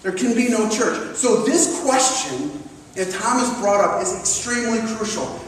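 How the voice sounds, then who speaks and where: A man's voice: high voice, normal speed, slight background noise. A man preaching a sermon, emphatic, acting out the people in the story he tells. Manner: emphatic, acts out the disciples and Thomas. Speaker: pastor. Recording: echoey hall recorded from far off.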